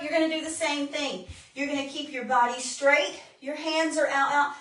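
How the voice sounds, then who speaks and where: A woman's voice: sits high, fairly bright tone. Breathless woman coaching a home workout. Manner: coaching while exercising, counting reps. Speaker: fitness instructor. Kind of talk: live workout demonstration. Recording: roomy, distant phone-camera sound.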